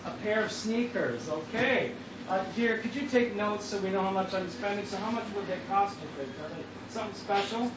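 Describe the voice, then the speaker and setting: A man with a high-sitting, brisk voice preaches an interactive sermon in a large hall, playfully bantering with the audience. The room recording is distant, echoey, dull, and noisy.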